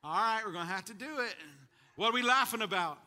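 A man preaching a sermon, calling out to his congregation and building to shouts at the high points. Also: quick pace. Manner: call-and-response preaching to a congregation. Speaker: pastor.

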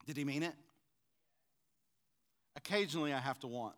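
A man preaching a sermon in call-and-response style, swinging from loud fervent bursts to quiet asides. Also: fairly high pitch, normal speed.

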